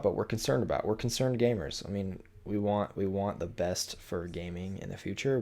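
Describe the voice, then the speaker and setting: A young man co-hosting a gaming podcast in casual chat, relaxed and agreeable, often repeating himself. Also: sits low. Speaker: podcast co-host.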